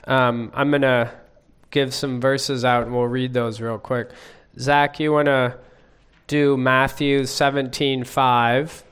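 A man leading a group Bible study, asking the class questions in a measured way. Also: mid-range voice, level tone, a bit bright, clear, resonant tone.

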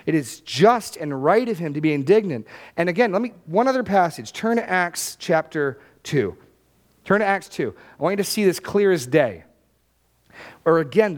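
Man, pastor, emphatic sermon delivery, slightly higher voice. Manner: emphatic, repeats phrases for stress.

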